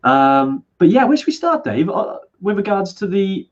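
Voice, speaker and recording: A man's voice: high-pitched, very animated, moderate pace, dull audio. A man co-hosting a casual video call chat, cheerful and chummy, full of asides. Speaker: co-host.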